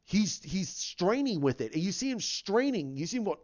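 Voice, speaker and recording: A man giving a casual spoken movie review, excited and rambling, restarting and repeating his words. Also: sits high, moderate pace, few pauses, dull audio. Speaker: film reviewer.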